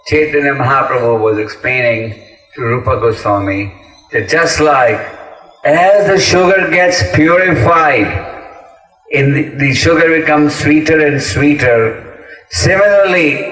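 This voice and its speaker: Man lecturing in an echoey hall. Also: mid-range voice. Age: 50s. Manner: storytelling with lively voices for characters. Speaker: spiritual teacher. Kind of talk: lecture to devotees. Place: temple hall in Moscow. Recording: echoey hall, speaker far from mic.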